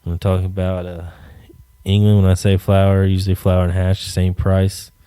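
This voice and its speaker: Male podcast host, smooth voice, dry close sound, loose profane rambling rant. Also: sits low, monotone, moderate pace, warm tone, dry recording. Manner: rambling, profane, jokey asides. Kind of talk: casual solo rant.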